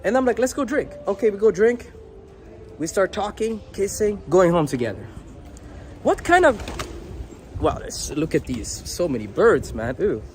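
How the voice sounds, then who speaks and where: A man's voice: high-pitched, big pitch swings, moderate pace, long pauses, slight background noise. A young man, a dating coach, talking to the camera outdoors in a blunt, crude and unfiltered way. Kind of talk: casual talking-to-camera advice.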